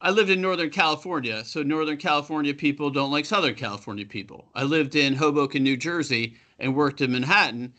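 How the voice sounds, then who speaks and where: Bright, lively-voiced man telling tales. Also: fairly high pitch, a little fast, hardly any pauses. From Buffalo area, USA. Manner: animated rambling storyteller, swears freely. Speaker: co-host. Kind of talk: casual podcast chat.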